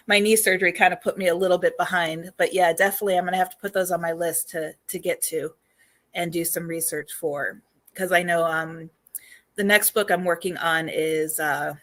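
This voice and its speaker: Hoarse woman host, chatty and halting. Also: on the low side, fairly even intonation. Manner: chatty, full of ums, keeps clearing her throat. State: hoarse, losing her voice. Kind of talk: casual live-stream talk answering chat.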